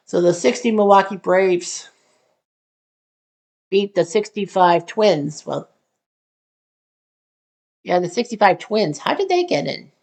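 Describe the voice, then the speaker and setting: A woman's voice: mid-range voice, creaky, darkish tone. A woman hosting her channel, casually walking through how a simulated sports tournament was set up, rambling, thinking aloud and correcting herself as she goes. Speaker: channel host.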